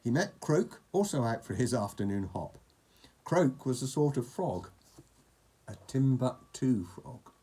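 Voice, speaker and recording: Guy reading a kids book, chatty asides, husky and mellow. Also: mid-range voice, big pitch swings, a little slow. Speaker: storyteller reading to a child. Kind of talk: reading a picture book aloud.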